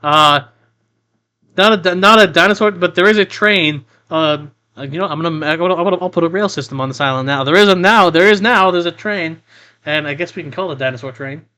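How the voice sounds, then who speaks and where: A man narrating a tabletop game as its game master, rambling and restarting as he goes. His voice is bright and forceful, with a clean, crisp sound and a somewhat high pitch. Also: fairly quick. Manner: rambling, many restarts and off-topic asides.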